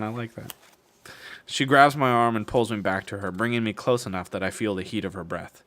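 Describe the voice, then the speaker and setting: A man's voice: lowish voice, brisk, fairly bright tone. A man streaming a casual book reading, breaking off with wry, swearing jokes between passages. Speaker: streamer reading a novel aloud.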